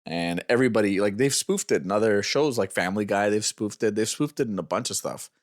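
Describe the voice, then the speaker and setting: A man's voice: on the low side, brisk, no room sound, clean studio sound. A man co-hosting a movie review podcast as a dad, rambling, restarting his sentences and swearing casually.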